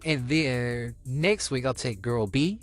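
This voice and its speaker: A man's voice: mid-range voice, animated, takes it slowly. A young man co-hosting a podcast, talking casually and easygoing about dating and his girlfriend. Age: young adult. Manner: easygoing, rambling with restarts. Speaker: podcast co-host.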